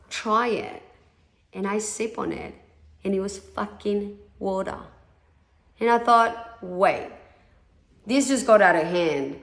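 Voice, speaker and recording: Woman, thirties, mid pitch, blunt and candid, swears a lot, echoey room; personal confessional storytelling. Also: lively intonation, normal speed, fairly bright tone. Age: 30s. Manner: frank and blunt, swears freely, acts out quoted voices. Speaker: vlogger telling her story.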